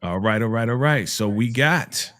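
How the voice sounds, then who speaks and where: A hyped man hosts a live stream in a loose, chatty way, saying each greeting two or three times. His voice sits in a middle pitch. The sound is dry and close, with faint music underneath. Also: expressive, moderate pace, a bit bright, no room sound. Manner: hyped, repeats greetings over and over. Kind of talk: casual live recap chat.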